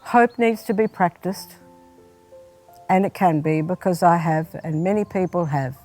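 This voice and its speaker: A woman, a spiritual director, gently leading a guided prayer meditation and speaking straight to the listener. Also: fairly low pitch, soft background music. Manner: gentle, unhurried, second-person guidance.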